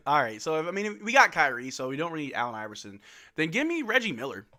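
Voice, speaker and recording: A young man from Louisiana hosting a casual sports watch-along stream, tossing off answers to chat questions between quick laughs. His pitch rises and falls a lot, and his tone is bright and forward. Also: sing-song. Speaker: livestream host.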